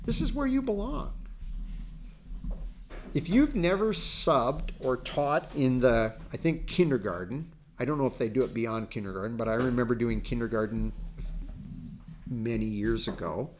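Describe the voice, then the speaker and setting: A middle-aged man leads a Bible class in a relaxed, earnest tone. His voice sits at an ordinary mid pitch, and he slips into folksy, animated stories to make his points. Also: normal speed, slight background noise. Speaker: Bible study teacher. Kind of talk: conversational Bible teaching.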